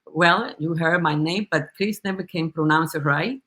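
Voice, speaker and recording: Earnest Spanish-accented woman, somewhat low. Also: moderate pace. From Dominican Republic. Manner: warm, earnest, laughs easily, restarts often. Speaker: guest sharing her story. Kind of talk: casual personal testimony.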